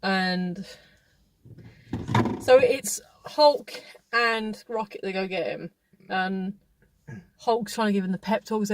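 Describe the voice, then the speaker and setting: A woman's voice: medium pitch, measured pace, no room sound. A woman hosting a casual film review chat, rambling and chatty with frequent laughs. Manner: rambling, chatty, laughs often, many restarts.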